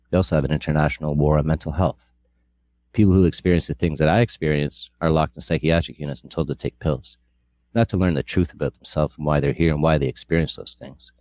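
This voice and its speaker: A man's voice: extremely low pitch, darkish tone, dry recording. A middle-aged man sharing a candid personal testimony, earnest and rambling with frequent restarts.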